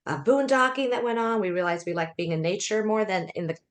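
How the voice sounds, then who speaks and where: A woman's voice: medium pitch, animated, brisk. A woman in her fifties, a life coach, telling her story in a chatty way, laughing often and restarting her sentences. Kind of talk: conversational interview storytelling.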